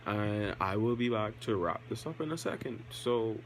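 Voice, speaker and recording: A man's voice: on the low side, moderate pace, a little hiss or hum, poor audio. A young man with a casual, rambling way of talking, vlogging to camera and filling gaps with many ums. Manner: relaxed, rambling, self-aware, with many fillers. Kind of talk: casual vlog talk to camera.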